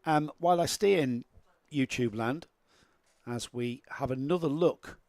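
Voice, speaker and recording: A man's voice: mid-range voice, measured pace, a little mellow, dry recording. A man commentating live on karting, chatting with his co-commentator and greeting viewers.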